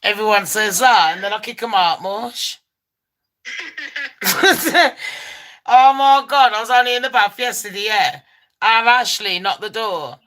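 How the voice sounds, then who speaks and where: Slow-talking brash woman. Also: medium pitch, fairly bright tone. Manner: brash, sweary, gossipy. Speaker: host. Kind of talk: casual livestream chat.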